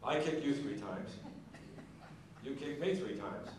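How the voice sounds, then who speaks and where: A folksy, crumpled old Marine general , as a man puts him on while telling a joke, drawling calmly and without hurry. The voice rings around a big echoing room. It is picked up from well back from the mic. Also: mid-range voice, unhurried, a little hiss or hum, lightly acted. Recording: echoey banquet hall, distant mic.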